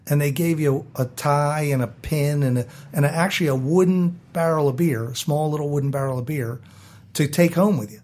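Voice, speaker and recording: A middle-aged American man from Baltimore, telling a lively story as an interview guest and acting out the people he quotes. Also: a little high, fairly quick. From South Baltimore, USA. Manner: animated storyteller who acts out quoted voices.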